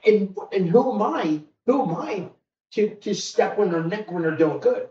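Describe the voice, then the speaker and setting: A man who hosts a podcast and works as a corrections officer, telling a long casual story in an animated way and retelling conversations. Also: high-pitched, a little slow, slight background noise. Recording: echoey, distant, dull sound.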